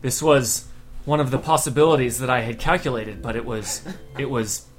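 A man's voice: medium pitch, a little hiss or hum, lightly acted. A man voicing a formal, cautious woman scholar. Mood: worried. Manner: formal, measured speech. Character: serious female scholar, cautious and analytical.

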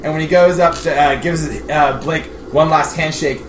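Dude playing a tabletop game, lots of ums and pauses, roomy echo, noise behind. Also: male voice, fairly high pitch, steady tone. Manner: hesitant, full of fillers. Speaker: player. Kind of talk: casual tabletop play. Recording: echoey room with background noise.

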